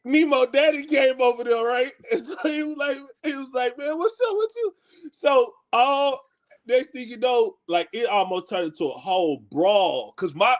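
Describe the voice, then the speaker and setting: Houston man, high-pitched, animated storyteller, casual slang, podcast co-host. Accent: Houston, Texas. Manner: animated, laughs while telling stories, slangy. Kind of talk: casual storytelling among friends.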